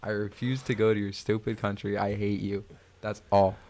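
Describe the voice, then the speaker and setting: A man's voice: lowish voice, level tone, moderate pace, a little mellow, a little hiss or hum. A young man co-hosting a podcast in casual chat, joking and mock-ranting with trash talk. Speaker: podcast co-host. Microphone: podcast mic.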